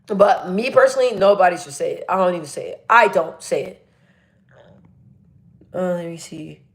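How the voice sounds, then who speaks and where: A woman's voice: on the low side, normal speed. A young woman chatting casually on a livestream, reading viewer comments aloud and laughing often. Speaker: livestream host.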